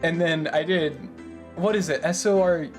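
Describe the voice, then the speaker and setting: A man's voice: fairly high pitch, moderate pace, faint music behind. A young man reading a visual novel aloud and chatting between passages, joking, laughing and swearing freely. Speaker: audiobook reader.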